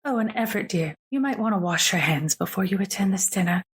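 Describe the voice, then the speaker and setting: A woman's voice: mid-range voice, expressive, quick pace, slightly rough. A woman voicing a glamorous, unsettling woman who speaks in a honeyed tone and calls everyone darling. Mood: sweetly menacing.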